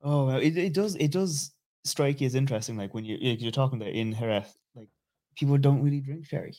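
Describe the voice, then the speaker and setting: Fast-talking man co-hosting a podcast. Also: mid-range voice, mellow. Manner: quick, chatty, full of asides. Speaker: podcast co-host. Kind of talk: casual conversational chat.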